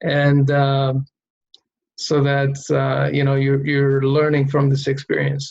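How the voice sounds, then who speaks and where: A man's voice: mid-range voice, completely flat delivery, a little slow, gravelly, darkish tone, dull audio. A man teaching Quran reading in an online lesson, patiently drawing out syllables for students to repeat.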